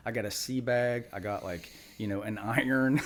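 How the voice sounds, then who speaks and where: A retired Marine in his forties, appearing as a podcast guest, tells stories in a rambling, casual chat full of asides. His voice is mid-range and his speed is normal.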